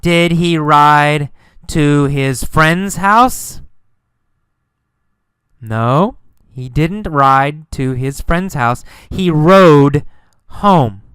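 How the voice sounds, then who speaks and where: A man teaching a lesson, speaking slowly and emphatically, repeating key words and questions for learners. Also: a little high, a bit bright, clean tone, no echo, clean studio sound. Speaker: English teacher. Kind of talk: slow English lesson narration.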